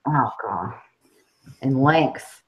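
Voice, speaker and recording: A woman with a Southern US accent co-hosting a casual chat, talking in an animated, chatty way and laughing often. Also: very deep voice, drawn-out words, muffled recording. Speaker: co-host.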